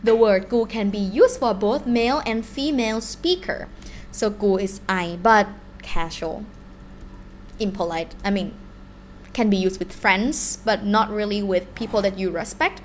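A woman with a Thai accent, a native Thai speaker teaching a live online language lesson in an animated way. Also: medium pitch, moderate pace, a little hiss or hum. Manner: animated, switches between English and Thai examples.

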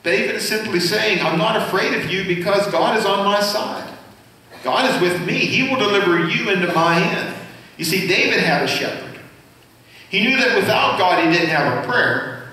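This senior pastor's high-sitting voice is expressive, pushed and bright, moving at a normal speed as he preaches conversationally and quizzes his congregation. The recording catches him from a distance in a church sanctuary with heavy hall echo.

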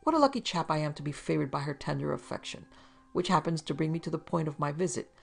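A woman voicing a fussy, wheedling middle-aged man in a storybook reading, in a prim, high-pitched way. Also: animated, quick pace, creaky, faint music behind, full character voice.

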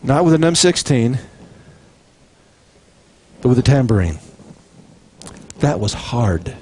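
A man preaching a sermon, animated and chatty, acting out little scenes and chuckling between points. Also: mid-range voice, slow, husky. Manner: animated, jokes and acts out quotes. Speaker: pastor.

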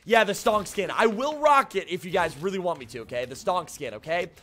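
A young man streaming a shooter game live, chatting casually with his viewers and greeting them by name, with excitable outbursts during fights. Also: sits high, a little fast. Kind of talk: casual live-stream chat while playing.

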